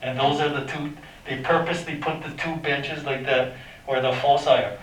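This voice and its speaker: This math teacher has a mid-range voice and a level tone, talking at normal speed. The distant, echoey classroom recording carries a little hiss or hum as he lectures casually, quizzes the class, and makes sound effects.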